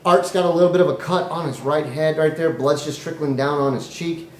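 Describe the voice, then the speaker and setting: A man improvising a comic story in a rambling, animated way with jokey asides. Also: a little high, a little fast. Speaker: comedy storyteller. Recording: echoey room, faint noise.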